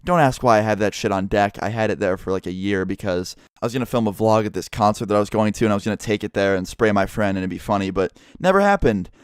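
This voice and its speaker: A young man with a low, smooth, clear voice tells a story to his vlog audience. His delivery is casual and blunt, full of swearing. The sound is close and dry. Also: fast, hardly any pauses, no room sound. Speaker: vlogger.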